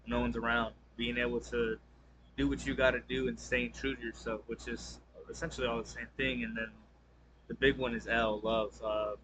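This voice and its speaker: A man's voice: medium pitch, little pitch movement, background noise. A young man giving a casual spoken summary for a class assignment, rambling with many fillers and restarts. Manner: talks fast, by his own account. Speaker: student presenting a class assignment.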